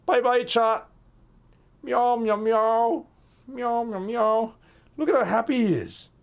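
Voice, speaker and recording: A man's voice: very high voice, slow, pitched above the performer's own voice, heavily acted. A man voicing his male house cat in a raised, sing-song voice, meowing between lines. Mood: playful. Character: grumpy-faced male house cat introducing himself.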